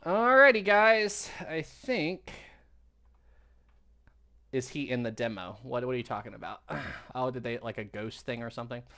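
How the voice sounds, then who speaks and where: A man's voice: medium pitch, expressive, normal speed, pauses often, pushed and bright. A man hosting a livestream, giving casual, rambling gameplay commentary with frequent laughter. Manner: laughing, rambling, chatty asides. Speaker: livestream host.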